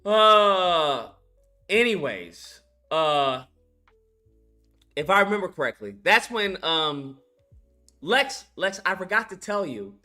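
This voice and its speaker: A man's voice: sits high, sing-song, takes it slowly, long pauses, bright, forceful tone, faint music behind. A man hosting a channel, talking casually and incredulously through a film's scenes, swearing and laughing as he acts them out. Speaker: animation channel host reviewing a film. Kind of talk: casual ranting film commentary.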